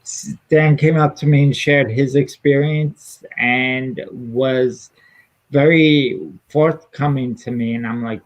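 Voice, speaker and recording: A man's voice: a little high, slow pace, poor audio. A man co-hosting a casual podcast, talking in an earnest, easygoing way with frequent fillers. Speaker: podcast co-host and stand-up comedian.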